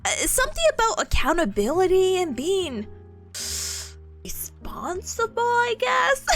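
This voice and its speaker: A woman's voice: very high-pitched, sing-song, slow pace, soft background music. A young woman from the southern United States, chatting casually with her live chat as a streamer, giggly and playful.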